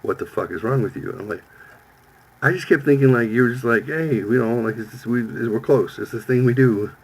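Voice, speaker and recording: This fiftysomething man hosts a podcast and, in casual chat, spins a profane, animated tale, doing the voices of its characters. His voice is mid-range and husky, fairly quick, and the recording quality is low.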